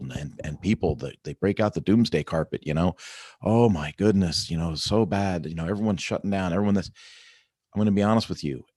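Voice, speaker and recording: A man's voice: deep voice, darkish tone, dry recording, studio quality. A middle-aged man hosting a casual morning check-in vlog, talking in an upbeat, rambling way with lots of "right?" and "you know.". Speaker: vlog host.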